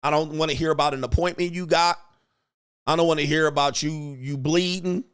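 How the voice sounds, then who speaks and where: A male host talks in a loose, crude livestream rant, boastful and full of swagger. His voice sits a bit higher than most men's, and he sounds cocky and unfiltered throughout. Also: fairly even intonation, a little fast, a bit bright, clean tone. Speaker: show host.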